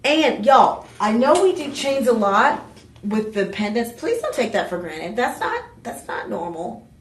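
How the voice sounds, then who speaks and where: A woman hosting a live home shopping show, pitching jewelry in a chatty, exuberant way with playful asides. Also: big pitch swings, a little slow, slight background noise. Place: TV shopping studio. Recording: roomy studio sound, mic at a distance.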